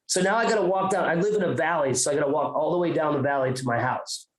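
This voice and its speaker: Young guy, podcast host, slightly high voice, loose profane storyteller, roomy sound. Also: fast talker. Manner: profane, rambling, animated retelling. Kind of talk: comic storytelling. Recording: roomy echo.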